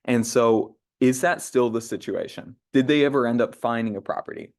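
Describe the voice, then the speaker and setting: A man's voice: medium pitch, normal speed. A young man running an online sales training call, talking casually with lots of fillers and restarts. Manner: conversational, many "uh" fillers and restarts, acts out sample phone lines. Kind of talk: casual team training talk.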